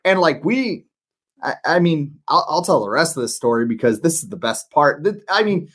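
Male podcast co-host, slightly higher pitch, rambling casual storyteller. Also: big pitch swings, moderate pace, fairly bright tone. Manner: rambling, lots of "like" and restarts.

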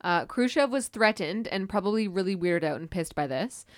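A woman co-hosting a casual history chat, reacting with excited, jokey disbelief and the odd swear word. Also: medium pitch, moderate pace. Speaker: podcast co-host.

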